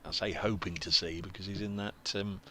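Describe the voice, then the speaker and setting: A man's voice: low-pitched, fairly even intonation, brisk, sharp tone, slight background noise. A man chatting as cricket co-commentator, rambling and jokey with many restarts. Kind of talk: casual commentary chat.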